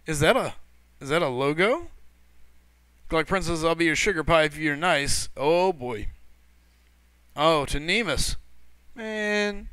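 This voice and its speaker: A man's voice: on the high side, animated, slow, long pauses, bright, forceful tone, clean tone, no room sound. A man hosting a gaming livestream in casual chat, greeting viewers and reading their messages aloud in a loose, rambling way. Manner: loose and rambling, with frequent fillers and self-corrections.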